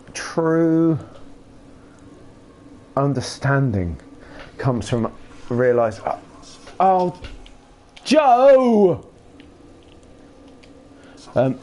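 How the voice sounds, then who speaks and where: Playing a game on stream, this young man rambles to his live chat in a casual, playful way, now and then letting out silly shouts. He speaks at a medium pitch over slight background noise.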